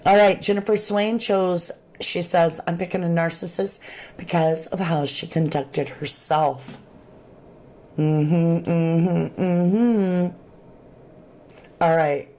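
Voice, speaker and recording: A woman with a drawl hosts a true crime livestream, greeting viewers and reacting to their comments. Her voice sits a little low, and she speaks loosely, with plenty of slang. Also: slow pace. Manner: chatty, animated, Southern-tinged slang. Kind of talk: casual livestream chat reading viewer comments.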